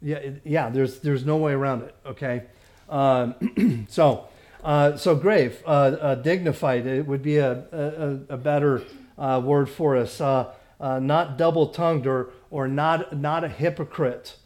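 A man teaching a Bible study as a pastor, halting with many fillers and restarts, stressing points emphatically. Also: mid-range voice, steady tone, a little mellow.

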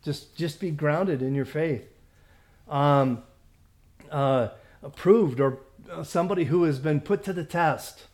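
A man teaching a Bible study as a pastor, halting with many fillers and restarts, stressing points emphatically. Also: on the high side, a little mellow.

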